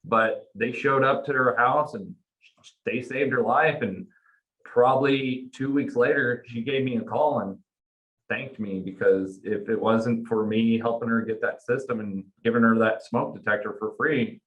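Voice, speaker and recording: A man's voice: mid-range voice, normal speed, phone-quality sound. Laid-back male security rep. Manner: casual, relaxed storyteller with fillers. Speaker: home security sales guest. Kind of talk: panel conversation.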